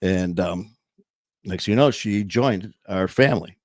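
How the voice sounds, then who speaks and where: A man's voice: deep voice, a little slow, no echo, studio quality. A man hosting a podcast, talking casually in a rambling way with many fillers and restarts. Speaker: podcast host. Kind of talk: casual monologue.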